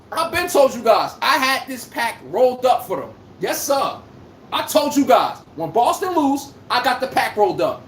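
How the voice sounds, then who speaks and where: A woman's voice: on the high side, sing-song, moderate pace, roomy sound. A woman hosting a casual sports livestream, ranting, trash-talking and reading out chat comments. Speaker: livestream host.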